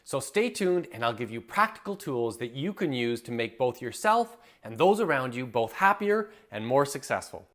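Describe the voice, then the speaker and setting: A man working as a happiness coach, giving an enthusiastic, animated teaching talk to camera and acting out everyday scenes. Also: mid-range voice, normal speed, hardly any pauses. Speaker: happiness coach and public speaker.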